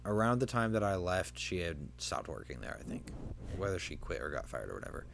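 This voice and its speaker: A young man with a fairly low voice hosts a casual podcast. He rambles through a story, leaning on fillers and restarts as he goes. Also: sing-song, a little fast, gravelly, fairly bright tone, a little hiss or hum. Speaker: podcast host. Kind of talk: casual chat.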